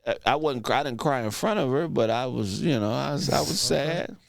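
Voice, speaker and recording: A man's voice: mid-range voice, expressive, fairly quick, vocal fry, no room sound, studio quality. A man in his thirties hosting a podcast, telling loose, profane stories in casual chat. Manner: loose storyteller, swears, voices his own past lines. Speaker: podcast host.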